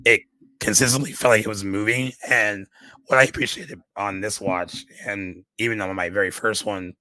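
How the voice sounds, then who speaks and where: A man co-hosting a film podcast, his voice a bit hoarse but bright and forward. He rambles through his thoughts with fillers and restarts, in a low, fairly flat voice. The recording is dry and close. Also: normal speed, no echo, rough recording. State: voice a little shot. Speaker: podcast co-host. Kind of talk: casual movie podcast chat.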